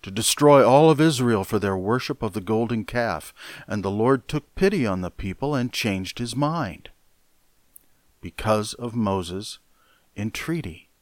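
A male pastor preaching a sermon with deliberate, emphatic phrasing and pointed pauses. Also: fairly low pitch, expressive, no echo, clean studio sound.

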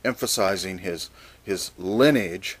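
A man preaching a Bible teaching sermon, measured and deliberate, reading scripture passages aloud. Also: sits low, husky.

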